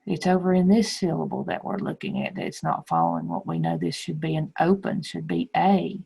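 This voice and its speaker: A middle-aged woman teacher explaining phonics to young children slowly and patiently. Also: mid-range voice, vocal fry, mellow, slightly rough, poor audio. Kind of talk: recorded phonics lesson.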